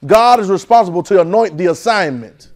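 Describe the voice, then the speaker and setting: Man, preacher, high voice, call-and-response sermon, loud then hushed. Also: animated, brisk. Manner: call-and-response, urging the congregation to repeat; swings from loud exhortation to soft near-whispers.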